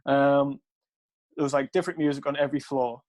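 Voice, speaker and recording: A man's voice: mid-range voice, level tone, brisk, darkish tone. A young man, casually telling a rambling night-out story, laughing and swearing between fillers. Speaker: podcast co-host.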